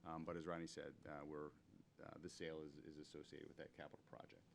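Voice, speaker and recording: A man's voice: a bass voice, flat delivery, quick pace, creaky, slight background noise. A man speaking at a town board meeting, explaining budget matters with many fillers. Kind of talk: public meeting remarks. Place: town hall meeting room.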